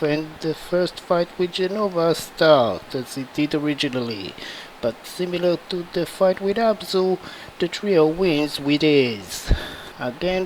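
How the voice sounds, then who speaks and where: Man, game story narration, slow delivery, slightly high pitch. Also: darkish tone, slight background noise, rough recording. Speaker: fan narrator.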